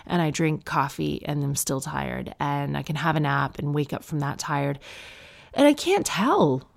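A woman with a low voice and a gravelly edge talks to her listeners in a casual comic monologue. She sounds tired, and she jokes about herself with quick asides. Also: expressive. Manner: chatty, joking and self-deprecating with quick asides.

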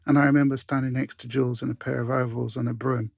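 British man in his 60s, interview guest, gravelly and husky, dry close sound, relaxed storyteller. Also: mid-range voice, fast, no echo. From Britain. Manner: relaxed anecdotal, restarts and asides.

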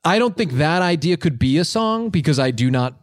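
A man improvising a comedy scene as an earnest songwriting teacher, rambling through ideas, his pitch jumping up when he gets excited. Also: fairly quick, no room sound, studio quality. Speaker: comedy podcast host playing a songwriting teacher.

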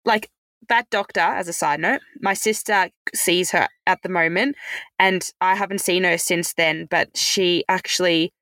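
A woman chats through a personal story as a podcast guest, loose and full of "like" and "um". Her voice has a gravelly, creaky edge. The recording is dry and close. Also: fairly low pitch, steady tone, a little slow, a bit bright, no room sound. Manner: chatty, many fillers like "like" and "um". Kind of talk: casual conversational storytelling.

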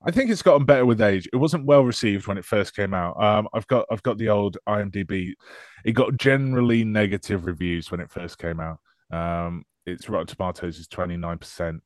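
A man's voice: fairly low pitch, a little fast, dry recording, studio quality. A man co-hosting a casual podcast, bantering sarcastically about a movie and laughing often. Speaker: podcast co-host. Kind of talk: casual chat.

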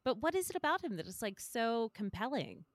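A woman hosting a casual film discussion asks curious questions. Her voice moves a lot in pitch, and the recording is dry and close. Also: sing-song, fairly quick, dry recording.

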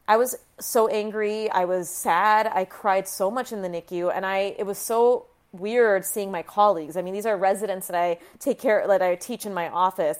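A woman doctor in her thirties shares a personal story in an interview. She speaks candidly and emotionally, often breaking off and restarting her sentences, and swears now and then. Her voice sits at a middling pitch for a woman. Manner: frank and emotional, with frequent restarts and some profanity. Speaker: physician guest sharing her story.

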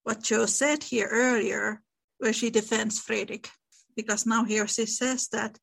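A woman's voice: fairly high pitch, fairly even intonation, a little slow, vocal fry, a bit bright, slightly rough. A woman hosting a casual discussion about a classic novel, thoughtful and reading passages aloud. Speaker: podcast host.

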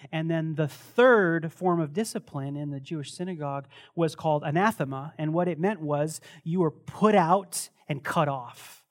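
A male pastor preaching a sermon to a congregation and leading a prayer, talking in an animated, laughing way and often repeating words as he restarts. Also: a little high. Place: church service before a congregation.

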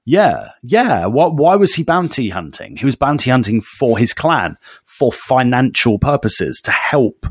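A man's voice: medium pitch, sing-song, unhurried, husky, dry recording, clean studio sound. A man co-hosting a podcast, chatting casually, calling his co-host mate and laughing often. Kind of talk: casual chat.

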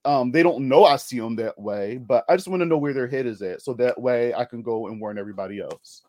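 A man's voice: mid-range voice, a little fast, a little mellow, slight background noise. A young man co-hosting a podcast, casually retelling a film with lots of laughter and rambling asides. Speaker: podcast co-host.

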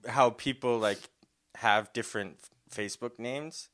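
This young man co-hosts a podcast and has an unhurried, mid-range voice with a fairly bright tone. He tells stories in casual chat, laughing often and acting out what people said.

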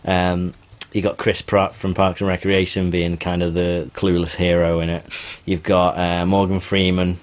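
Deep-voiced man chatting on a podcast. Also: flat delivery, normal speed. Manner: chatty, teasing, enthusiastic. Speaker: podcast co-host. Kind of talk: casual chat.

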